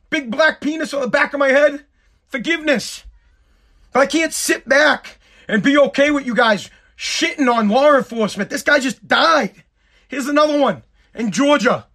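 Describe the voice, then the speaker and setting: A man with a strikingly high-pitched voice rants on his own program. He swears constantly, stumbles over words and breaks into shouts when he gets heated. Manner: profane, heated, shouting at times. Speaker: show host. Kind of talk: angry rant, talk show.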